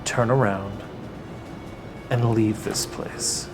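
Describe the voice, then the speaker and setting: A menacing man with a hostage, speaking low and flat, as a game master voices him. His threats come out quiet and cold, in an ordinary voice. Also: very slow, over music.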